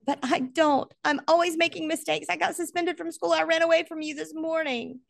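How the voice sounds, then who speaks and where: A woman voicing a frightened young boy who is crying and pleading, his voice pitched high. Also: a little slow, a little mellow, no echo, studio quality. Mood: pleading, tearful.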